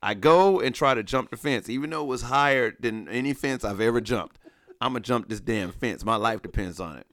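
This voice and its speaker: A man co-hosting a podcast, telling a story in a casual, animated way with acted-out quotes and laughter. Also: medium pitch, a little fast, dry recording, clean studio sound. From Alabama. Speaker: podcast co-host.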